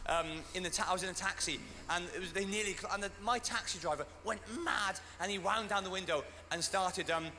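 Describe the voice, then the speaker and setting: A man's voice: high voice, brisk, few pauses, bright, forceful tone. A British man doing dry, self-deprecating stand-up comedy, recorded on stage in a venue with an audience. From Britain. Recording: echoey venue, faint noise.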